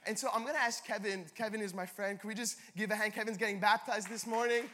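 A young pastor from Canada delivers a sermon in a large church hall, storytelling in a chatty way with self-deprecating asides. His voice sits high with fairly even intonation at a quick pace, and the recording has long hall reverb plus a noisy background.

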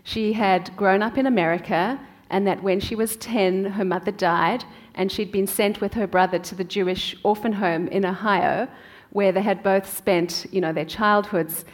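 A middle-aged woman from South Africa, an author telling her family story in an interview, with many pauses and "um"s. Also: medium pitch, steady tone. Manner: warm storytelling with frequent "um" pauses. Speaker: author and guest. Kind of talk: conversational interview answers.

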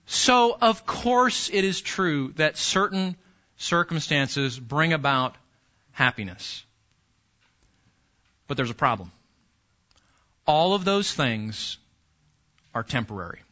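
Male pastor, bright high voice, chatty sermon style with questions to the pews, dull lo-fi church recording. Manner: conversational, repeats key phrases, questions the congregation.

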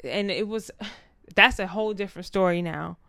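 A woman's voice: medium pitch, moderate pace, vocal fry, dry recording, clean studio sound. A woman casually telling a personal story, acting out what people said along the way. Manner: candid, animated retelling with quoted dialogue.

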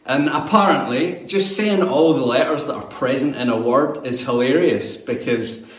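A Scottish man in his thirties gives a sermon in a roomy church hall, caught by a mic set some way off. His voice sits at an ordinary pitch. He talks in a relaxed, conversational, self-deprecating way. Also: moderate pace. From Scotland. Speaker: church youth leader. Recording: echoey room, mic at a distance.

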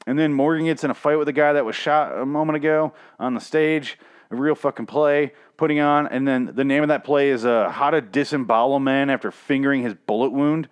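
A young man giving a casual, profane episode recap, rambling and sarcastic, often mocking characters in quick put-on voices. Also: medium pitch, smooth.

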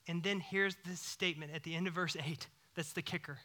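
Male pastor, 30s, high bright voice, dynamic sermon delivery with loud peaks and whispered asides. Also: fairly quick. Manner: animated, swings between loud bursts and hushed whispers.

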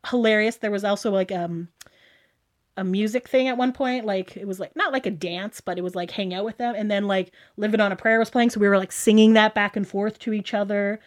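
A woman's voice: mid-range voice, steady tone, fairly quick. A woman from the Toronto area telling a story as a guest, chatty and gushing, full of "like" and quoted dialogue. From Toronto area, Canada. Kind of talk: casual storytelling.

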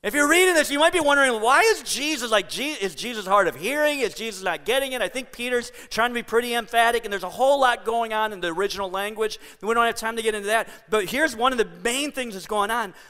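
A man's voice: extremely high pitch, fast talker, few pauses, bright, forceful tone, big-room sound. A man preaching a sermon as pastor in an earnest, conversational and emphatic way.

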